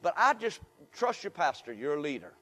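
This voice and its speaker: A man's voice: on the high side, big pitch swings, brisk, bright, forceful tone, big-room sound. An older man preaching a sermon in a church, folksy and emphatic, leading the congregation in call-and-response. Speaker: guest preacher.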